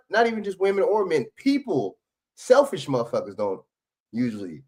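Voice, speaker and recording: A man's voice: a little high, wildly swooping pitch, moderate pace, husky. A man hosting a livestream, arguing back at clips in blunt, profane casual commentary. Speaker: livestream host reacting to clips.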